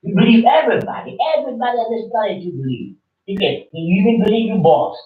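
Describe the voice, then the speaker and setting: A man preaching an informal sermon, swinging between loud bursts and soft asides in slangy, animated speech. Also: high voice, quick pace. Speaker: religious teacher. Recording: tinny, echoey room, from far off.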